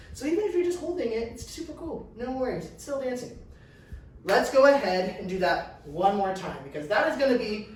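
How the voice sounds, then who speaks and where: A man's voice: sits high, a little hiss or hum. Upbeat male dance teacher counting steps. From California. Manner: upbeat, encouraging, counts steps aloud, laughs often. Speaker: dance instructor. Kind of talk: counting dance class instruction. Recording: far-off mic in an echoey room.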